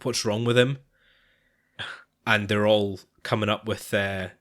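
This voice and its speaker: A man's voice: on the low side, fairly even intonation, a little slow, a bit bright. A man co-hosting a podcast in casual chat, talking hesitantly with frequent restarts and sighs. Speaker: podcast co-host.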